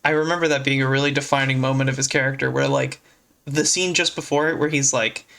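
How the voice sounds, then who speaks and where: A podcast co-host in casual chat, laughing often and tossing in quick asides. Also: mid-range voice, fairly even intonation, creaky, a bit bright.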